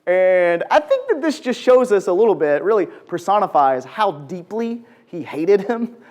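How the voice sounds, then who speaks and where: A high-sitting male voice at a moderate pace carries a conversational Bible lesson for a group in a large church room. The teacher is animated, quizzing his audience and acting out the quotes.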